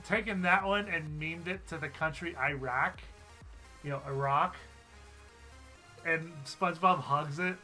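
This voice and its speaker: Man, live streamer, casual chat, bright tense tone, reads comments aloud, faint background music. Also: fairly high pitch. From USA. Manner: chatty, reads viewer comments aloud, laughs often.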